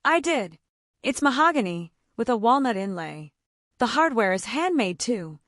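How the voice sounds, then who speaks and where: Woman reading a bashful kind guy in his 30s, gentle, lively pitch, dry sound. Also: moderate pace, dry recording. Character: shy, kind man in his thirties, a carpenter.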